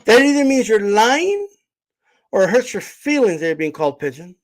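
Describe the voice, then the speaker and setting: A man's voice: sits high, big pitch swings, normal speed. Blunt, profane man hosting a livestream. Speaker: boxing channel host. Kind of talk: livestream rant.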